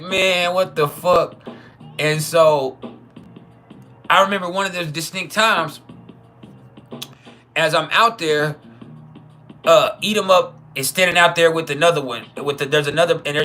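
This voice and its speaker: Male storyteller, slightly high, bright tone, swears freely, chuckles, faint music underneath. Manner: profane, chuckling, trailing restarts. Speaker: channel host. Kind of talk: casual storytelling monologue.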